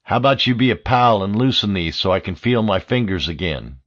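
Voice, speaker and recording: A mocking, handcuffed detainee, as voiced by a man, in a low, sneering voice. He taunts his captor. The audio is dull and lo-fi. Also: expressive, fairly quick, fairly bright tone, no echo. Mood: taunting. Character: cuffed, mocking male detainee.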